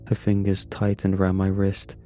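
A man narrating a first-person horror story in a measured, grim manner. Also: sits low, monotone, mellow. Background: faint music.

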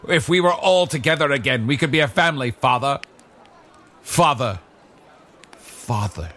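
A man's voice: mid-range voice, expressive, normal speed, bright, forceful tone. A man playing a hammy actor who declaims melodramatic monologues in an improv comedy scene. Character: hammy male actor doing dramatic monologues.

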